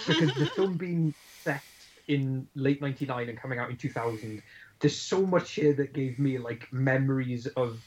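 A man's voice: medium pitch, darkish tone, slight background noise, low-quality recording. A man co-hosting a podcast, discussing a film in a thoughtful, analytical way with some hesitation. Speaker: podcast co-host.

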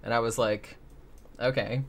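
A man's voice: medium pitch, steady tone, moderate pace, fairly bright tone. A man hosting a casual chat, rambling and sarcastic, swearing freely as he recaps. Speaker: podcast host.

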